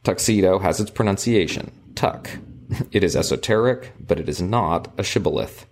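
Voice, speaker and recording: Deep-voiced man reading aloud slowly. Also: animated. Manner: measured, deliberate reading. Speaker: podcast co-host. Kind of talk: reading aloud from a local history book.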